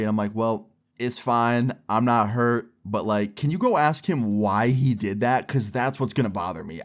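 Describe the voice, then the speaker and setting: A young man casually telling a story, animated and swearing often, with lots of "like". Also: mid-range voice. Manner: animated, swears a lot, frequent "like".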